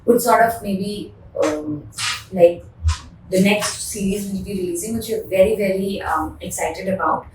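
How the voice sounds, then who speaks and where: Heard through a distant mic in a roomy space with faint noise, a woman with an Indian English accent, who designs furniture, responds to interview questions with passion and emphasis, frequently repeating words. Her mid-range voice is steady, measured, and a little mellow.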